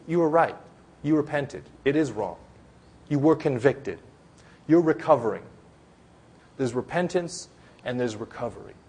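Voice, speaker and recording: A man's voice: medium pitch, slightly rough. A man preaching from the pulpit in an easy, talky manner. He breaks off and restarts often, dropping fillers as he builds toward his point. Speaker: pastor. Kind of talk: sermon.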